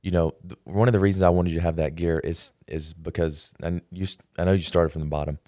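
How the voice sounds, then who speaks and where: A man's voice: low-pitched, steady tone, fast talker, warm tone, dry recording, clean studio sound. A man hosting a podcast interview, talking in a reflective, hesitant way with many fillers. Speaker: podcast host. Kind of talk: casual interview talk.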